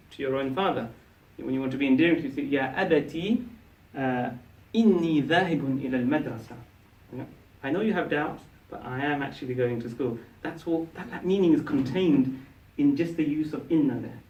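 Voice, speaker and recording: A man teaching a class, explaining and quizzing his students, checking in often with "yeah?". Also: mid-range voice. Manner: explains, asks the class questions; frequent "yeah?" and restarts. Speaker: Arabic teacher. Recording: echoey room, mic from a distance.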